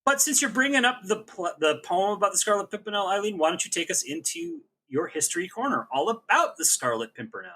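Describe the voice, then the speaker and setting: Another man co-hosts the TV recap podcast in a high voice, speaking fairly quickly with barely a pause. His talk is animated and loose, wandering off into jokes.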